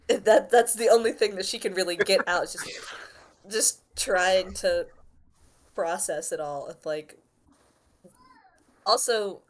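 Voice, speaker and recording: A woman's voice: mid-range voice, slow, long pauses, slight background noise. A woman playing a tabletop game, animatedly describing her character's reactions. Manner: animated, exclamatory. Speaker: player.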